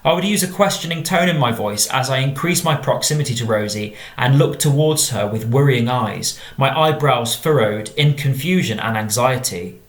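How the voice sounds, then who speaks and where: Reading and explaining model exam answers, a drama teacher with an English accent keeps his tone measured. He speaks at a medium pitch, and the room echoes.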